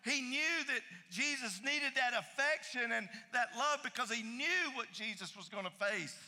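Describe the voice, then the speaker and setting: A man preaching a sermon, emphatic, repeating key phrases and swinging between loud and soft. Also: very high voice, animated, a little slow, big-room sound. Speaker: pastor.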